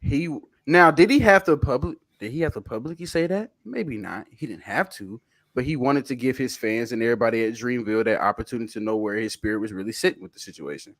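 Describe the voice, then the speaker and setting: A young man hosting a casual podcast debate, animated and argumentative, sometimes dropping to low asides. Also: fast talker. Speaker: podcast host.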